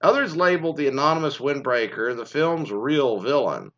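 A man ranting in a casual, rambling commentary, cursing freely as he goes. His pitch swings widely from mutters to high outbursts. The recording sounds dull and lo-fi. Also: very animated, normal speed. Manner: profane, rambling, swings loud and low.

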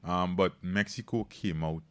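Man co-host, casual sports chat, stumbles and repeats words, lowish voice. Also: unhurried, a bit bright, clean tone, dry recording. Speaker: morning show co-host.

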